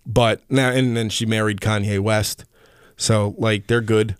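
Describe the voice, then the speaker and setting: A man hosting his own podcast in casual chat, rambling and animated, with lots of fillers and the odd curse. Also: fairly low pitch, a little slow, clean tone, no echo, studio quality. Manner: rambling, animated storyteller with frequent fillers and profanity. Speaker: podcast host.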